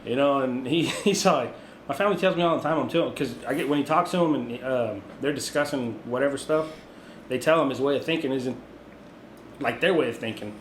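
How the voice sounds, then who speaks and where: A man's voice: mid-range voice, fairly quick. Laughing man, echoey room. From born in Mexico, raised in the US. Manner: laughing, relaxed, says dude and bro. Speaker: podcast co-host. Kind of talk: casual chat. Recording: echoey room with faint noise.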